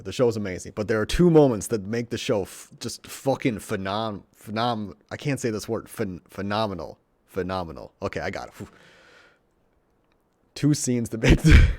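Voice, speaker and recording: A young man with a dark, mellow voice and a fairly low pitch rambles excitedly about a show he loves. He curses freely and stumbles over words. The recording sounds dry and close. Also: no room sound. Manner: swears often, stumbles over words, gushing. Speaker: vlogger reviewing a show. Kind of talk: excited casual monologue.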